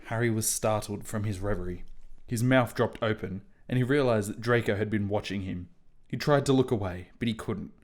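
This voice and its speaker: A man's voice: fairly low pitch, brisk. A man reading out fan fiction with amusement and wry asides in between. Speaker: reader of AI-written fan fiction. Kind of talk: comedic dramatic reading.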